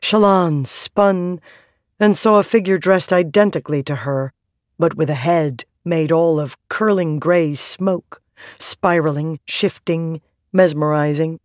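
Woman reading an audiobook, slow and measured, dry close sound. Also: low voice, fairly even intonation, a little mellow, dry recording. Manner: measured, clear storytelling. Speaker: audiobook narrator. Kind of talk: scripted narration.

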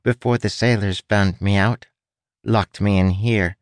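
A man's voice: lowish voice, fairly even intonation, unhurried, no room sound, lightly acted. A man voicing a wry, chatty male rat in a storybook, his voice pinched and squeezed. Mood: consoling. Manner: teasing, chatty.

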